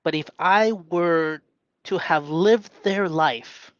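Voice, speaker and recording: A man in a reflective live monologue, speaking gently and softly in a deliberately lowered voice, thinking aloud with pauses and restarts. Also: smooth, no room sound, highs cut off. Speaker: self-coaching vlogger.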